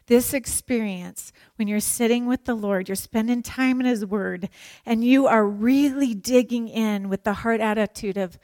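A woman teaching a sermon to women, animated and emphatic, with playful joking asides. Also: on the high side, a little slow, dry recording. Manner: animated and emphatic, acts out prayers and quotes.

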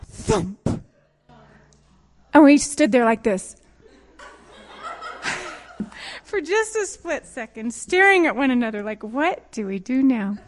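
A pastor's wife telling a funny story in a sermon, laughing often as she speaks. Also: sits high. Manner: lively and expressive, quick to giggle. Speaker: pastor's wife giving a talk.

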